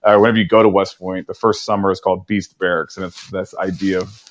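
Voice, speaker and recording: A man in his forties, a podcast guest telling stories in a relaxed way and acting out his own past lines with big jumps in pitch. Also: fast talker, highs cut off. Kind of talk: conversational storytelling.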